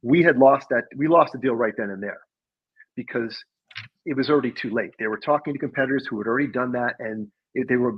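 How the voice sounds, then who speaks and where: A man with a husky, slightly breathy voice talks through his sales career in a relaxed, reflective way. His audio sounds dull and lo-fi, as if it were recorded on a remote call. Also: medium pitch, quick pace. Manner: reflective, laughs while telling stories. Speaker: podcast guest, sales leader. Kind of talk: casual conversational storytelling.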